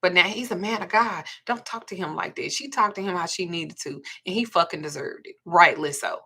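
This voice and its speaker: Outspoken female spiritual host, low husky voice with fry. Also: brisk, pushed and bright. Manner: blunt and profane, retelling a client's story. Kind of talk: livestream talk.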